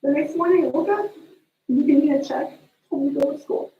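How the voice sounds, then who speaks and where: A woman delivers a eulogy, telling family stories with lively energy. Her voice sits fairly high and is heard from a distance in a roomy, echoing space. The sound is dull, with a faint hum underneath. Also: fairly quick. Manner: storytelling, animated retelling of family moments. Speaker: sister giving a eulogy. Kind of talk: memorial eulogy with family anecdotes. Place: memorial service room. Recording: distant echoey room mic, dull sound.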